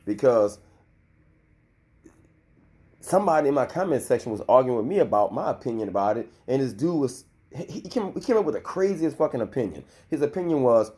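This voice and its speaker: A man's voice: medium pitch, mellow. A man in his thirties giving a loose, heated and profane commentary rant, full of filler. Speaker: vlogger.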